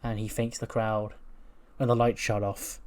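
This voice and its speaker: A man's voice: lowish voice, flat delivery, measured pace. A man hosting a game channel, casually recapping simulated wrestling matches with blunt, swearing commentary.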